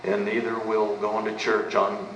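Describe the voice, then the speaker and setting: A pastor in the middle of a sermon, his voice sitting somewhat low. He drives points home with questions he answers himself. The recording catches him from a distance in a reverberant church, with a faint hiss underneath. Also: monotone, a little slow, fairly bright tone. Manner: emphatic, asks and answers rhetorical questions. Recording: echoey room, mic at a distance, faint background noise.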